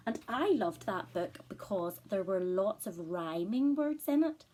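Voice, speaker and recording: A woman teacher reading a picture book aloud to children, expressive and encouraging, asking them to read along and spot rhymes. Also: medium pitch, unhurried, hardly any pauses, slight background noise. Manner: expressive, encouraging, asks the listener to join in. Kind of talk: read-aloud storytime lesson.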